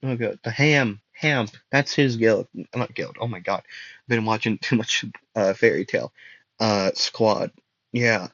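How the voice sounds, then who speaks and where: A young man rambles through a made-up fan story at an unhurried pace, joking and correcting himself as he goes. His voice sits at an ordinary middle pitch. It comes through a dull, lo-fi home mic with a very dry sound. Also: fairly bright tone, no room sound. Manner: rambling, self-correcting, jokey.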